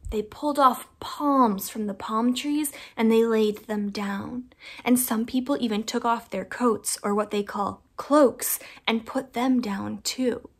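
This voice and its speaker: A woman teaching children at church, telling a story with lively enthusiasm and talking straight to the kids. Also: on the high side. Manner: animated, enthusiastic, speaks directly to kids.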